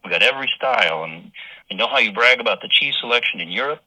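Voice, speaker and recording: A man with a New York accent leaving a long, friendly but gruff voicemail that reels off lists. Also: medium pitch, expressive, fast, pushed and bright, dry recording, rough recording. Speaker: voicemail caller. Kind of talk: rambling phoned-in message.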